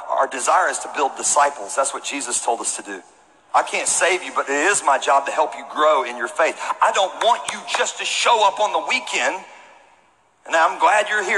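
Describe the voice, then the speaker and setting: Bright-voiced, animated storytelling pastor. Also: male voice, on the high side, in a large hall, poor audio. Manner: animated, comic storytelling, shouts punchlines. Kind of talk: storytelling sermon. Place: church auditorium with congregation.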